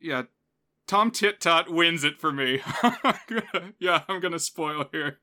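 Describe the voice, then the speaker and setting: A man's voice: fairly high pitch, slow pace, bright, forceful tone. A man co-hosting a podcast, talking casually about a film and often laughing between remarks. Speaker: podcast co-host. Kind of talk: casual film review chat.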